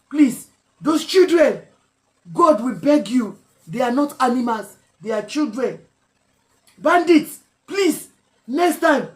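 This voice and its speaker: Pleading Nigerian woman commentator. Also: a little high. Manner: pleading, rising to shouts. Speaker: online commentator. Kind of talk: emotional video commentary.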